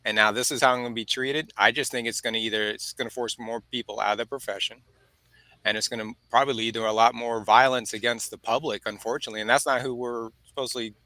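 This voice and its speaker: Heated bright-voiced man on a podcast. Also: medium pitch, steady tone, fast talker, no echo, poor audio. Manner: heated, blunt, keeps apologizing. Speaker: podcast co-host. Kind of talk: casual podcast chat.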